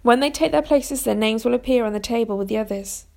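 A woman voicing a tired old wizard who speaks slowly and gravely, as if foretelling the future. The voice has a gravelly fry, and the wizard sounds weary. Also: a little high, darkish tone. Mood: solemn. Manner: slow, grave pronouncements.

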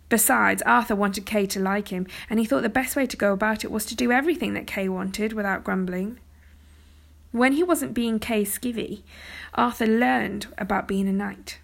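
A woman gently reading a chapter book aloud as a storyteller, sometimes dropping to a whisper. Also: medium pitch, creaky. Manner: gentle, soft-spoken, dropping to a whisper at times.

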